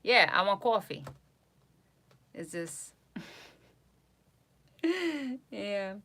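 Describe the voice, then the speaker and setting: A woman's voice: lowish voice, fairly even intonation, measured pace, pushed and bright, clean tone. A woman with a New York accent chatting casually with viewers on her live stream as a psychic host, repeating herself and reading names aloud.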